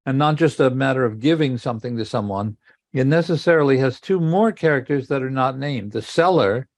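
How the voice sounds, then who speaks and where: An older man giving a measured academic lecture, explaining step by step with occasional restarts. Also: mid-range voice, gravelly, a little mellow, dry recording.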